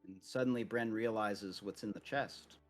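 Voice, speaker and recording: A man's voice: lowish voice, normal speed, faint music behind. A man narrating a tabletop game as game master in a casual, rambling way, full of "like" fillers.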